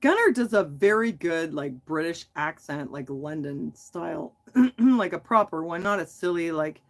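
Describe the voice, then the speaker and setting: A middle-aged woman hosting a casual livestream, chatting with viewers in a giggly, self-deprecating way. Her voice rises and falls in a lively, animated way as she rambles and laughs at herself. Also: lowish voice, measured pace. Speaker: livestream host.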